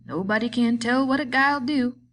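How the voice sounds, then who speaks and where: A woman voicing a bitter, lonely man who taunts a friend, in a slow, drawling rural way of talking. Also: fairly high pitch, a bit bright, slight background noise, pitched above the performer's own voice, close to an everyday voice. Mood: taunting.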